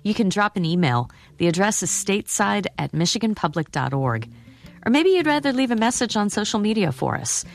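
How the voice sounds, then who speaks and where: A woman hosting a public radio show, wrapping up an interview and reading out announcements in a measured, composed way. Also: mid-range voice, very animated, faint music behind.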